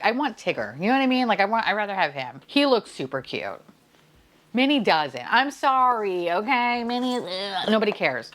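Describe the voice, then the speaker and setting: A woman's voice: medium pitch, a bit bright. A woman chatting playfully as she unboxes toys on camera, swearing, laughing and dropping to whispers. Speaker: vlogger unboxing blind boxes. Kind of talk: casual unboxing chat.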